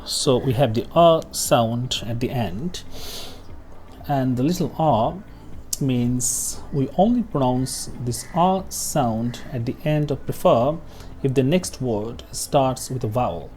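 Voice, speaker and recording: A man's voice: medium pitch, slow, a little mellow, slight background noise. A man teaching pronunciation over a lesson walkthrough, repeating example words and often checking in with "okay?". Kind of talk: screen-share lesson walkthrough.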